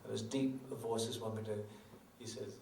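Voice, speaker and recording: A middle-aged guitarist tells wry, self-mocking stories between songs on stage at a small venue. His voice is fairly low, creaky, and a little mellow, with little pitch movement and a moderate pace. He's far from the mic, so it sounds echoey, with guitar in the background.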